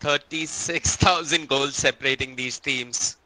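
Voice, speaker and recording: A man casting a live esports match, excitable play-by-play that climbs during big fights. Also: mid-range voice, unhurried, no room sound, rough recording. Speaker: esports caster. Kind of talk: live game commentary.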